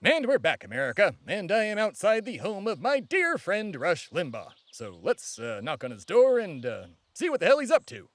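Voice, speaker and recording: A man's voice: high-pitched, wildly swooping pitch, moderate pace, few pauses, soft background music. A man hosting a comedy podcast in a pompous, boastful, crude comic persona.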